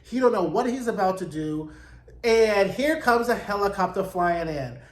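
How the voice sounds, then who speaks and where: A man's voice: sits high, expressive, moderate pace. Chatty, gossipy male recap host. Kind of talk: casual TV episode recap. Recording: echoey room.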